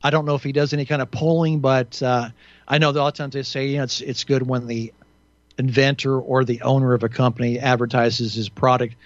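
A man's voice: medium pitch, level tone, fairly quick, no room sound, dull audio. A man hosting a talk radio show alone, rambling through indignant, sarcastic commentary with frequent restarts and fillers.

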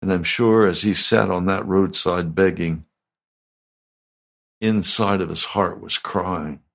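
A male pastor delivering a radio sermon, asking slow, emphatic questions. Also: sits low, steady tone, gravelly, fairly bright tone.

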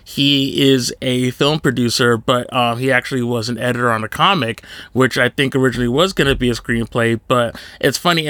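A man hosting a casual interview, chatty and quick to laugh, with lots of fillers. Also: medium pitch, bright, forceful tone, no room sound. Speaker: podcast host.

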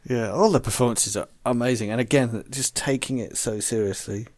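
A man in a casual podcast chat about films, with a mid-pitched voice. The recording is dry and close, with no room sound. He asks questions and throws in jokes as he goes. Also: brisk, a little mellow, no echo. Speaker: podcast co-host. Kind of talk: casual film discussion.

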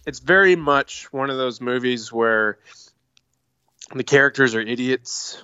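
A man's voice: medium pitch, measured pace, pushed and bright, smooth, no room sound, muffled recording. A man chatting casually about a horror movie on a podcast, rambling with fillers and restarts. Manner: laid-back, rambling, with many fillers and restarts. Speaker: podcast co-host.

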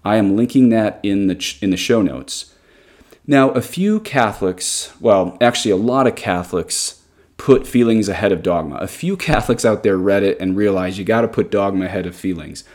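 Priest in his 30s, low and mellow, reads the catechism and then argues his points with emphasis. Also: moderate pace. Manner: emphatic, argumentative. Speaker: Catholic priest. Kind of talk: catechism reading with commentary.

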